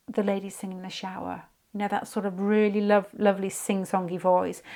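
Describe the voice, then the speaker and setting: A woman's voice: medium pitch, gravelly. Chatty British woman reading tarot. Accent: British English. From United Kingdom. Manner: rambling and chatty, with side stories and quiet muttered asides. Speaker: tarot reader. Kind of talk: casual tarot reading to camera.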